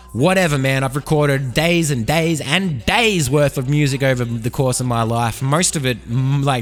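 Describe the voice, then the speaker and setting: An Australian man hosting a solo podcast, freestyling a rambling, profane monologue full of slang, close on a studio condenser mic. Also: fairly high pitch. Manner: rambling, profane, slangy, drifting loud and soft. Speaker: podcast host.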